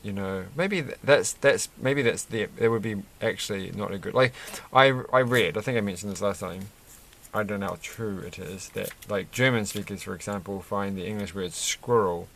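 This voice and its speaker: Low gravelly man rambling while building. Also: normal speed, fairly bright tone, a little hiss or hum. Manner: rambling, digressive, many fillers and restarts. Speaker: Lego reviewer. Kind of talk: casual chat while building. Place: at a desk.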